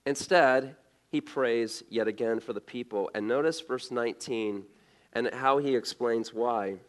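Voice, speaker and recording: A man's voice: mid-range voice, measured pace. A male pastor preaching a sermon in a conversational way, asking rhetorical questions and often restarting his words.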